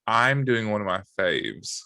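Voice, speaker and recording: A man with a very low voice chats casually on a podcast, joking around and reading from notes with plenty of ums. The sound is dry and close. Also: unhurried, creaky, dry recording. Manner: relaxed, joking, many fillers. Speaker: podcast co-host. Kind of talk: casual chat, reading from a wiki.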